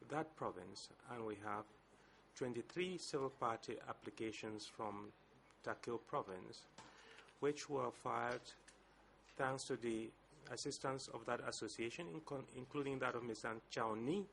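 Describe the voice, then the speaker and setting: A male lawyer, addressing a courtroom slowly and formally with some hesitations. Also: medium pitch, gravelly, fairly bright tone, a little hiss or hum. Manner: deliberate, measured speech with hesitations. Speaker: lead co-lawyer for civil parties.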